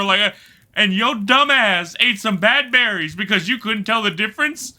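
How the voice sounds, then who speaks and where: A man's voice: high voice, normal speed. A young man streaming a survival game, talking casually, swearing, laughing and reading chat aloud. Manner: animated, laughing, swears a lot, slangy. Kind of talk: casual gameplay commentary.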